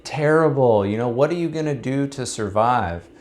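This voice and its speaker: A man voicing an excitable male neighbor in a spoken parable, full of alarmed exclamations. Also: mid-range voice, moderate pace, voice pushed up, close to an everyday voice.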